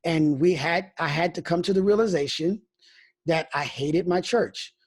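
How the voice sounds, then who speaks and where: In a frank, conversational interview, a male pastor tells stories and often starts his phrases over. He has a fairly high, husky voice and speaks at a moderate pace.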